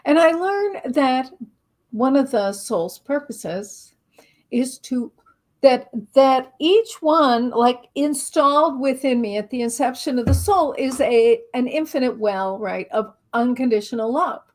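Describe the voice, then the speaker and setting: A middle-aged woman, a spiritual teacher and author, telling a lively, self-mocking story as an interview guest and acting out her own thoughts. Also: high-pitched, a little slow.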